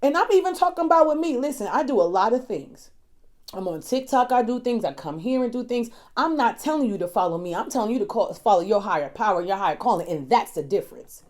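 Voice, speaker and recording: A woman life coach giving a motivational talk, preachy and repetitive, moving from hushed storytelling to loud exhortation. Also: medium pitch, lively intonation, a little fast. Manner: preachy, emphatic and repetitive, addresses listeners as y'all. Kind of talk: motivational self-help talk.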